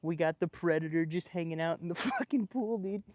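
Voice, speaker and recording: A man livestreaming casually from his backyard with a small clip-on microphone, excitable and joking with his viewers. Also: on the high side, fairly quick, dry recording. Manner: excitable, laughing, swearing, chatting with viewers. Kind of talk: casual live stream chat. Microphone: small clip-on microphone with a phone.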